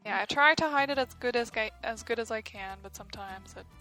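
A woman's voice: on the high side, quick pace, bright, forceful tone, soft background music, poor audio. A young woman from Germany with a slight German accent, chatting on a podcast and laughing often. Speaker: podcast guest, dance teacher. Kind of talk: casual chat.

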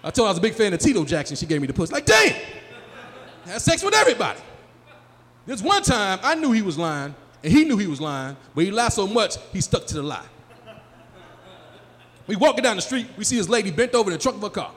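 A man in his forties doing a live stand-up set, working the crowd loudly and acting out his friends in high, excited voices. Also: fast. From Chicago area. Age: 40s. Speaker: stand-up comedian. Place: small live venue. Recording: live room with long reverb and faint hum.

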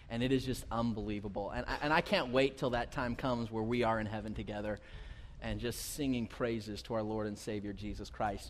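A man preaching a sermon as pastor, telling personal stories to his congregation in a lively, direct way, often repeating words as he goes. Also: mid-range voice, slight background noise. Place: church sanctuary. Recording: long hall reverb.

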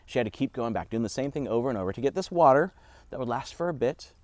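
A man giving a casual, conversational Bible teaching with animated asides. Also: mid-range voice, fast talker, no echo.

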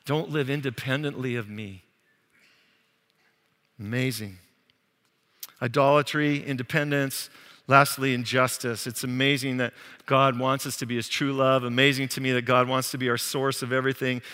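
A man preaching a sermon as pastor, animated and acting out quoted voices. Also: mid-range voice, normal speed, clear, resonant tone. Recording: long hall reverb.

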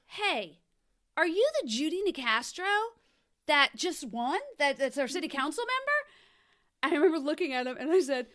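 Bright, high-voiced laughing woman. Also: normal speed. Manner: lively, laughing storyteller. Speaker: former city council member. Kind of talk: casual political talk.

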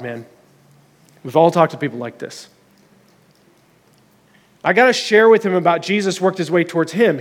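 A man's voice: high-pitched, long reverb tail. A man preaching a conversational sermon as pastor, reading scripture aloud with earnest emphasis.

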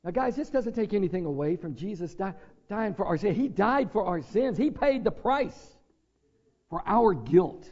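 Male pastor, high voice, earnest sermon delivery with scripture read aloud, dull lo-fi recording. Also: expressive, normal speed, a little mellow. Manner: earnest preaching mixed with scripture reading.

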